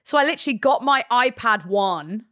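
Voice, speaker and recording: A woman, talking casually on a podcast, chatty and swearing freely in quick bursts. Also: fairly high pitch, expressive, a bit bright. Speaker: podcast guest, presenter. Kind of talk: casual chat.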